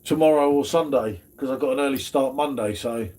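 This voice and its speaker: A man's voice: mid-range voice, a little fast, mellow. A man hosting a casual beer chat stream, slangy and chatty. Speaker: host of a beer review stream.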